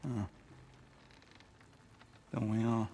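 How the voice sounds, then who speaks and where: A proud rebel god leader who talks in a mocking, sardonic way at a slow, measured pace. His voice sits at a middle pitch, with faint noise in the game audio. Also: flat delivery, warm tone. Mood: menacing.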